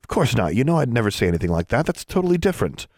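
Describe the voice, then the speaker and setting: A man's voice: mid-range voice, big pitch swings, darkish tone, dry recording, clean studio sound, voice pushed up. A man doing a pleading, flustered teen boy. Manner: pleading, hurried. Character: pleading teenage schoolboy.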